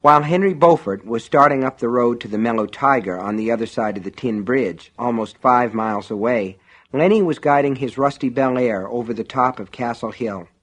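A man reading an audiobook in a steady, wry storytelling manner. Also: medium pitch, moderate pace. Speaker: narrator. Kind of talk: audiobook narration.

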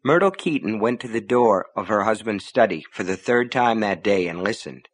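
A man reading a novel aloud as narrator, in measured storytelling. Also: on the low side, expressive. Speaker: audiobook narrator. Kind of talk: scripted narration.

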